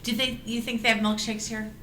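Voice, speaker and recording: A woman's voice: a little high, little pitch movement, fairly quick, a bit bright, echoey room, slight background noise. A woman playing a character in a tabletop game on a live stream, with playful, slightly whiny in-character talk. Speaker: player.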